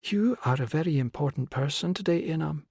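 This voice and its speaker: A steady, gentle young woman, voiced by a male narrator who talks softly and patiently. Her voice sits a little higher than his own, coaxing and firm at once. The studio sound is close and dry. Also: fairly quick, no room sound. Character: resolute young British woman, calm healer. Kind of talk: audiobook character voice.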